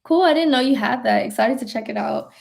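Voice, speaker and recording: Gushing, excitable young woman livestreaming. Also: gravelly. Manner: gushing, excitable, talks straight to viewers; quick bursts of high excited exclamations. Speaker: spiritual livestream host. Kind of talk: casual livestream chat reading comments.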